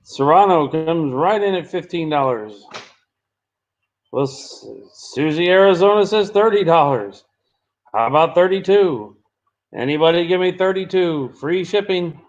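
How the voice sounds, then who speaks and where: A man running a live online charity auction, calling and repeating bids briskly. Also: on the high side, expressive. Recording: dull lo-fi stream audio.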